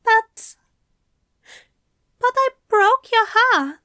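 A woman's voice: very high voice, no echo, pitched above the performer's own voice. A woman voicing a tearful, anxious male angel who stammers and falters. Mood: distraught. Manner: halting, stammering, upset.

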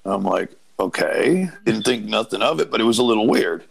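A gravelly, creaky man in his fifties, a native Portuguese speaker, tells a long rambling tale as an interview guest. His voice sits a little low, and his delivery is full of fillers and asides. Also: expressive, brisk, low-quality recording. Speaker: guest, former wrestler. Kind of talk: casual storytelling.

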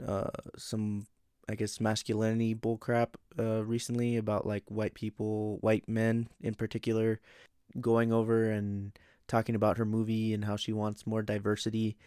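Crude, rambling man with a low voice. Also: level tone, unhurried, a little mellow, clean tone, no room sound, studio quality. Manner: crude, rambling, swears freely. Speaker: host. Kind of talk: casual pop-culture chat.

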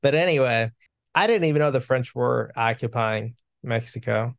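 A man's voice: medium pitch, normal speed, creaky, no echo, clean studio sound. A man co-hosting a film podcast, joking in a casual, self-deprecating way. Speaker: podcast co-host.

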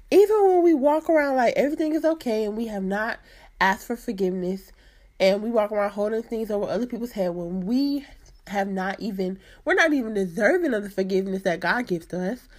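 A woman's voice: on the high side, animated, fairly quick, a little mellow. A woman hosting a faith podcast, talking through a personal story in an earnest, conversational way and laughing at herself now and then. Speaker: podcast host. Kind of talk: faith-based personal reflection.

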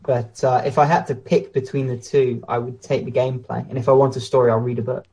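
A man's voice: mid-range voice, level tone, fast talker, darkish tone. A British man co-hosting a casual podcast chat, blunt and opinionated, telling anecdotes. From Britain. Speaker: podcast co-host.

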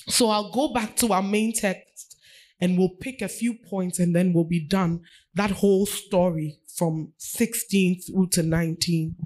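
A woman pastor preaching a sermon, repeating phrases for emphasis. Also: medium pitch.

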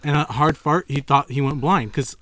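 A man's voice: a little high, moderate pace, pushed and bright, no echo. A man co-hosting a podcast, telling a crude story in a joking, casual way. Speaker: podcast co-host.

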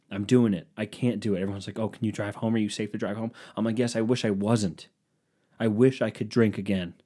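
A man's voice: on the low side, mellow. A young man hosting a solo podcast, ranting in a sarcastic, self-mocking, rambling way. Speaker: podcast host. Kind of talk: solo comedic podcast rant.

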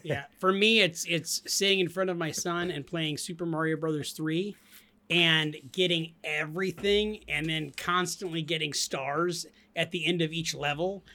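A man co-hosting a casual podcast, his voice high and bright. He teases his friends in a joking manner. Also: steady tone, moderate pace. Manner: teasing, joking. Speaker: podcast co-host. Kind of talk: casual chat.

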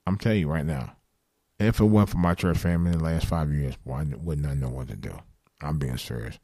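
A man in his fifties hosts a live late-night call-in show in an extremely low, dark voice, speaking fast in clean studio sound with no room noise. He talks earnestly and bluntly, repeats himself, and swears now and then.

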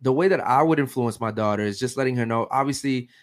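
Podcast host, man in his thirties, mid-pitched, emphatic and talkative, keeps asking "right?". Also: fast. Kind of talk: casual podcast chat.

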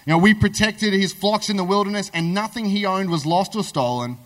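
A man's voice: high-pitched, a little fast, fairly bright tone. A man voicing an aggrieved, hot-headed warrior leader who keeps justifying himself in casual modern phrasing. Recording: echoey hall.

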